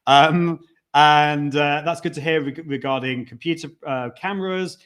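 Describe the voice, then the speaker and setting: A man's voice: fairly high pitch, steady tone, a little slow, a bit bright. A man hosting a live video show, chatting casually from a conference venue and reading out viewer comments as he goes. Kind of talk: casual live-stream chat.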